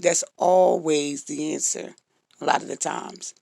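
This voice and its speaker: Gravel-voiced woman with a husky morning voice. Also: sits low, fairly even intonation, normal speed, darkish tone, no room sound, clean studio sound. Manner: stumbles over words now and then; frank and direct. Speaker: vlogger giving relationship advice. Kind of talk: casual advice talk to viewers.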